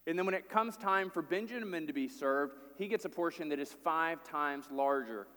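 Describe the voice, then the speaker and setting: A man's voice: fairly high pitch, expressive, normal speed, bright, forceful tone, long reverb tail. A man preaching a sermon, retelling a story with acted-out quotes and casual asides.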